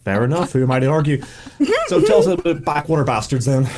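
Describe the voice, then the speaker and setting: A man's voice: medium pitch, quick pace, crowd noise. Playful man hosting a comedy quiz. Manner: playful, deadpan joking introductions. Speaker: quiz host.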